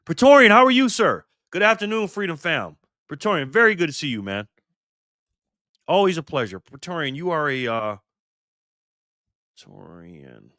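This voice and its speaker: Streaming live from a garage, an older man chats casually in a fairly high, sing-song voice that is bright and forceful. He talks quickly and excitedly, swears without restraint, and addresses viewers as "brother" and "man." The audio is close and dry, with no echo from the room.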